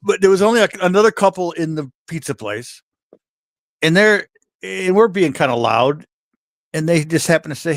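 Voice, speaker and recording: An older former wrestler spins wild road stories on a podcast, bouncing into squeaky voices whenever he quotes someone. His voice sits a bit high, and the sound is dry and close with no room around it. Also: normal speed, dry recording. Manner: animated anecdote teller, jumps to high voices for quotes. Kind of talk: casual storytelling chat.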